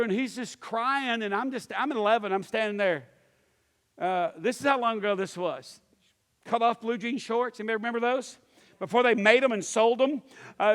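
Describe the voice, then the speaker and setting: Pastor in his 50s, high voice, folksy sermon with acted-out quotes, long echo in the church. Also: a bit bright. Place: church sanctuary. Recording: long hall reverb.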